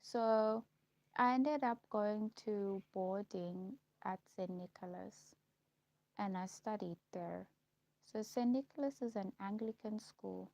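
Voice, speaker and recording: Woman recounting school memories, gravelly. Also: mid-range voice, takes it slowly, darkish tone, dry recording. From South Africa. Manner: repetitive, listing recollections with frequent ums. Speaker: vlogger. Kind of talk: personal storytelling. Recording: dull lo-fi recording.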